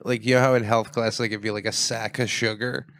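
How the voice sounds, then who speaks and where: A man's voice: on the low side, level tone, brisk, fairly bright tone. A young man co-hosting a casual podcast, trading crude jokes and laughing often. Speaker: podcast co-host. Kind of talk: casual chat.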